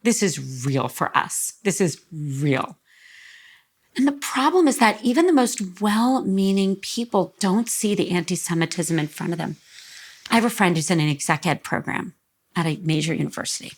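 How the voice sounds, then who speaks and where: A woman's voice: medium pitch, fairly quick. A woman in her fifties, a guest in an emotional living-room interview, speaking earnestly and close to tears. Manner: earnest, voice rises when emotional. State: near tears.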